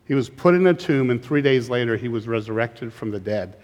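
A man's voice: medium pitch, lively intonation, a little fast, a little mellow, in a large hall. A man preaching a sermon as pastor, emphatic and often repeating words as he starts a phrase.

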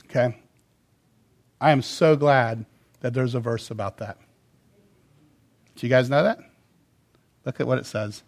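Man preaching, middle-aged, animated, loud emphasis then quiet asides. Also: medium pitch, unhurried, pauses often. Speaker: pastor. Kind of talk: sermon.

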